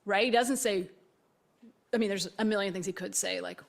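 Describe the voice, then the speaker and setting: A woman telling a story in conversation, animated, acting out the voices of the people she quotes and laughing often. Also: mid-range voice, normal speed, gravelly. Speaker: speaker.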